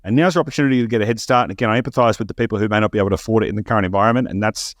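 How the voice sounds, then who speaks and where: Fast-talking animated man. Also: lowish voice, no room sound, clean studio sound. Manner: fast, animated, stumbling restarts. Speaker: podcast host. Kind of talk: casual podcast chat.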